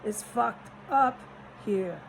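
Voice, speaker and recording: Agitated, cursing woman with a gravelly voice. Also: fairly high pitch, very slow, a little hiss or hum, rough recording. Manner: agitated, profane, trailing off and restarting. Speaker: vlogger. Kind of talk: rambling frustrated monologue. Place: rented room in a house.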